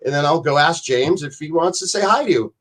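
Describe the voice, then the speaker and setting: A man's voice: a little high, expressive, fairly quick, fairly bright tone. A man guest telling rambling, profane backstage stories and acting out other people's lines. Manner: profane, rambling, acts out quoted voices. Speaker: podcast guest. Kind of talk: animated storytelling.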